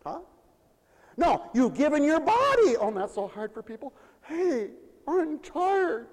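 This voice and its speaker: A man preaching a sermon in a mission hall, emphatic, swinging between loud declarations and hushed asides. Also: very high voice, wildly swooping pitch, normal speed.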